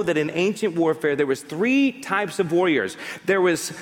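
A man preaching a sermon as a pastor, animated and building to fired-up exhortation. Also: fairly high pitch, moderate pace, few pauses, in a large hall.

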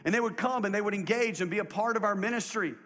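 A man preaching a sermon as a pastor, telling a story in an emphatic, lively way in a church. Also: high voice, fast. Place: church sanctuary. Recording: long hall reverb.

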